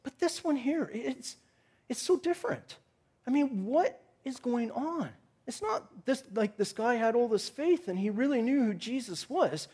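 A male pastor preaching a sermon in an animated, conversational storytelling way, with touches of humor. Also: very high voice, measured pace, breathy edge.

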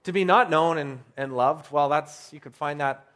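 Higher-voiced pastor man preaching. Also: fairly bright tone. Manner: storytelling, slows down to stress key words; conversational with filler restarts. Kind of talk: sermon.

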